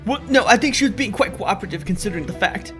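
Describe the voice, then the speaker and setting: Animated, high-voiced man playing a game. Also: quick pace, soft background music. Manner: animated, chatty, reads lines aloud. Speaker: let's play host. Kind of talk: casual gameplay commentary and reading dialogue.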